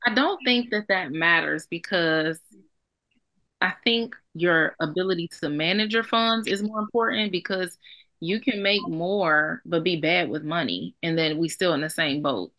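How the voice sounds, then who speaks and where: A woman's voice: lowish voice, measured pace, pushed and bright. A young adult woman co-hosting a podcast, talking bluntly and emphatically with plenty of profanity. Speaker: podcast co-host. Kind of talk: casual podcast chat.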